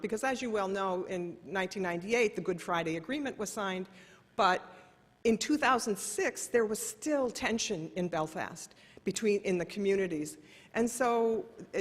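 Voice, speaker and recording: A middle-aged woman giving a conference keynote, telling personal stories in an earnest, self-correcting way. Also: on the low side. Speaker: keynote speaker. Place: large conference hall. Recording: long reverb of a conference hall.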